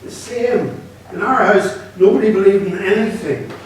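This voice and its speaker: A man's voice: moderate pace, a little hiss or hum, close to an everyday voice. A man putting on a panicky, laughing hostage. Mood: exasperated. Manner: high-pitched, laughing, incredulous outbursts. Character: exasperated young man held at gunpoint. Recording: echoey hall, from far off.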